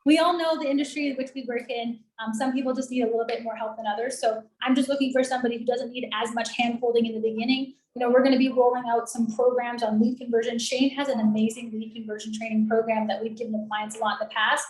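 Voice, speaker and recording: A woman's voice: a little high, level tone, quick pace, few pauses, a little mellow. Chatty, upbeat woman in an echoey room. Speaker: lead generation and call center business owner. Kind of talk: casual sales pitch on a coaching call. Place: in Colombia.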